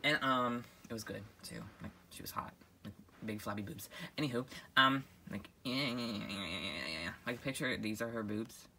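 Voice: mid-range voice, gravelly, sharp tone, a little hiss or hum. A performer voicing a crude, goofy young man who rambles bluntly with lots of ums and likes in a homemade comedy skit. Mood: rambling. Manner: rambling, halting, full of um and like. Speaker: sketch character.

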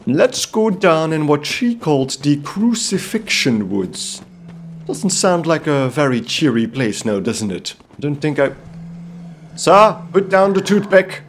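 Male gameplay commentator from Belgium; theatrical, gallant in-character banter, lively swooping pitch, unhurried delivery. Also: a little hiss or hum. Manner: theatrical, playfully gallant, comic outbursts. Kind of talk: in-character let's-play commentary.

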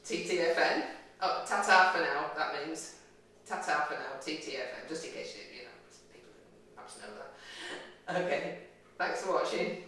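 A woman's voice: deep voice, moderate pace, sharp tone. A woman, a horse owner, chatting to camera outdoors on a farm, hesitant and self-deprecating with many ums. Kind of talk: casual talk to camera. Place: outdoors on a farm yard in cold weather. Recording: echoey and distant with faint noise.

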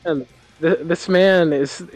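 A man talking as a guest on a livestream, telling stories in a halting, stammering way. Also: fairly high pitch, darkish tone, faint music behind, rough recording. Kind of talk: casual chat, telling anecdotes.

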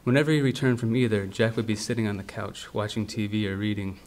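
A man with a somewhat low voice reads his own literary prose aloud at a university library event. His delivery is steady and measured, and he keeps the dialogue quiet and understated. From United States. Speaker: author reading his fiction.

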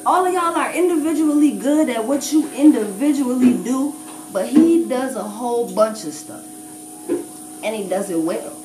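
A woman battle rapper speaking in a blunt, profane, emphatic way during a casual interview. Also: high voice. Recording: echoey room, distant mic, noisy.

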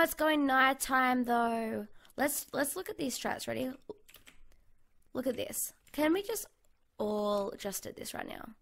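Playing through a survival game in her home bedroom, a bubbly young Australian gaming host thinks aloud in casual commentary. Her voice is fairly high with vocal fry, picked up by a USB condenser mic.

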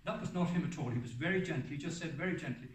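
A man's voice: fairly high pitch, rapid-fire, background noise. A man in his seventies giving a rambling, anecdotal talk about his life as a hermit, often restarting and correcting himself mid-sentence. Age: 70s. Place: hall for a public talk. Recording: roomy sound from a distant mic.

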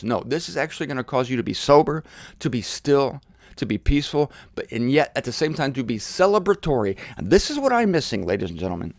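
A man delivering a solo Bible teaching with punchy emphasis and blunt, irreverent asides. His voice sits at an ordinary middle pitch and is recorded dry and close, with no room sound. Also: no room sound. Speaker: Bible teacher hosting a show.

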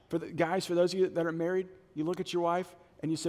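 A middle-aged male pastor preaches a sermon in a church auditorium in a high voice at a quick pace, with few pauses. His storytelling is animated as he acts out the voices of the people in his stories, and the hall gives a long reverb.

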